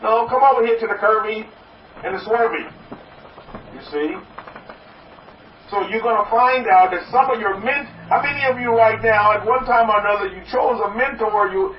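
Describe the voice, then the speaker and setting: A man's voice: high voice, animated, brisk, slight background noise. A man preaching as a rabbi, folksy and repetitive, mixing jokes into his sermon. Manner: repetitive, folksy, joke-telling, repeats a blessing refrain. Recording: distant, roomy, dull recording.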